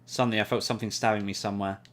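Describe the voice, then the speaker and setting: A man's voice: little pitch movement, very fast, a bit bright. A man reading a visual novel's text aloud for a playthrough, shifting his voice between characters. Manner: reads all parts, shifting pitch for characters. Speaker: game playthrough narrator. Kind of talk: reading game dialogue aloud.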